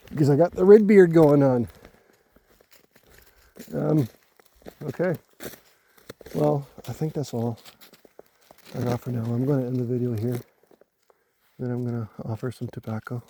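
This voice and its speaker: A man from Canada talking casually to his phone in the woods at night, halting and musing as he repeats words while gathering his thoughts. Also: medium pitch, mellow, a little hiss or hum. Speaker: vlogger. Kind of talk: casual rambling talk to camera. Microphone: handheld phone.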